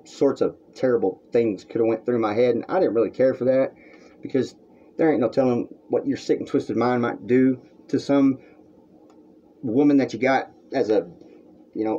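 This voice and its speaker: A man's voice: medium pitch, dark tone, breathy edge. A man on his own vlog, talking in a crude, rambling and heated rant to the camera from a room at home, on a dull lo-fi recording. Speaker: vlogger. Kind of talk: ranting monologue to camera.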